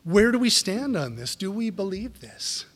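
A man preaching a sermon as a pastor, emphatic and animated, full of rhetorical questions and repeated phrases. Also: sits high, moderate pace, big-room sound.

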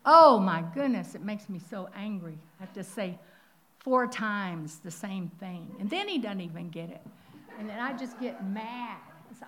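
Older woman, Bible teacher; animated, conversational sermon delivery with whispered asides. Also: fairly high pitch, measured pace, slight background noise. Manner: animated storytelling with sudden whispers and exclamations.

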